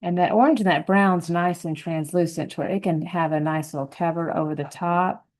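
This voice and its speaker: Low, mellow woman teaching painting. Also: fairly even intonation, poor audio. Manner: gentle, unhurried, thinking aloud while painting. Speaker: painting instructor. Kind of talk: step-by-step painting lesson.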